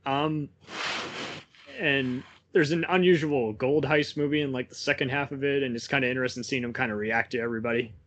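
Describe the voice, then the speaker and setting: A man's voice: mid-range voice, fairly even intonation, fairly quick, fairly bright tone. A young man co-hosting a casual film podcast, rambling and laughing often as he talks. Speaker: podcast co-host.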